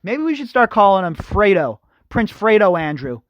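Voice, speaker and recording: A man's voice: high voice, very animated, moderate pace, dry recording, dull audio. A man hosting a podcast, reading news articles and breaking off into sarcastic, mocking commentary to his listeners. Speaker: podcast host. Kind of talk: ranting commentary over read-out news.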